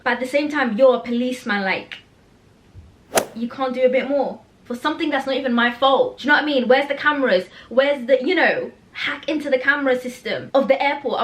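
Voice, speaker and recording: A young woman chatting in a casual reading vlog, animated and outspoken, swearing freely as she reacts to a book. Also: sits high. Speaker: book vlogger. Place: home, indoors.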